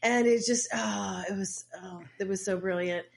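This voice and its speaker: A woman's voice: mid-range voice, fairly even intonation, normal speed, creaky. A woman co-hosting a podcast, chatting and joking through a TV episode recap and often talking over her co-host. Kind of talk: casual chat recapping a TV episode.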